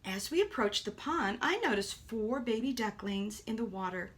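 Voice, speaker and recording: Woman, storyteller, children's tale, expressive, soft whispered moments. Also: fairly high pitch, normal speed. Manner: animated, with soft whispered asides.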